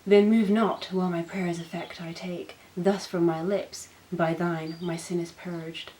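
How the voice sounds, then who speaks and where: A woman's voice: on the low side, flat delivery, measured pace, mellow, slight background noise, close to an everyday voice, low-quality recording. A woman voicing a dim, earnest young male lover in a mock-theatrical dramatic reading. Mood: mock-romantic.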